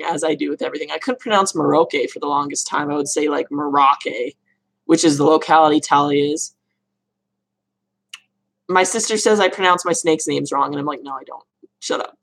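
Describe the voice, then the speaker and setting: A woman's voice: low voice, gravelly. A woman chatting casually on a livestream, answering viewers' questions about reptiles and laughing at her own mispronunciations. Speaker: reptile keeper answering live chat questions.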